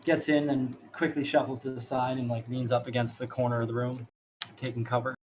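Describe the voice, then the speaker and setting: A man's voice: mid-range voice, little pitch movement, fairly quick, a little mellow, soft background music. A man narrating a tabletop game as dungeon master, rambling with laughing asides.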